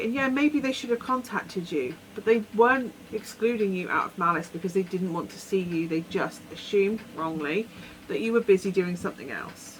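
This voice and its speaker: A woman's voice: mid-range voice, animated, normal speed, slight background noise, rough recording. A woman giving a rambling, earnest tarot reading, often acting out imagined conversations. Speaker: tarot reader. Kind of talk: weekly tarot reading, casual advice.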